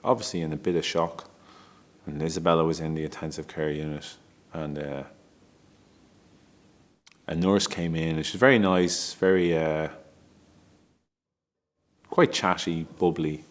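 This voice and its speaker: A middle-aged man with a very deep, low-pitched voice tells a personal story about his family. He speaks candidly and emotionally, often stumbling, restarting his sentences and breaking into small laughs. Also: steady tone, a little slow, long pauses. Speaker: father telling a personal story.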